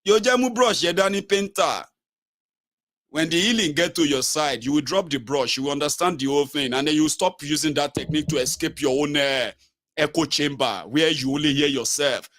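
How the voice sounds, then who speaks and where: A brisk, fairly bright male voice belongs to a Nigerian talk show host and political commentator giving a lively political monologue on his channel. Speaking Nigerian English laced with Pidgin and Yoruba, he hops between the three and mimics callers in high voices.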